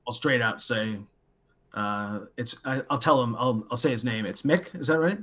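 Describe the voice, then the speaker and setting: A man's voice: medium pitch, normal speed, a bit bright, slightly rough. A man playing in a tabletop role-playing game, plainly declaring what his character does. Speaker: player.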